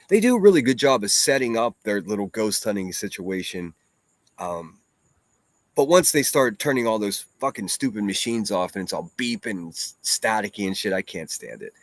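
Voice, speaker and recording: A man's voice: lowish voice, dry recording. Blunt, profane man hosting a livestream. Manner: blunt, profane, reads viewer comments aloud. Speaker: livestream host. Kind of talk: casual solo livestream chat.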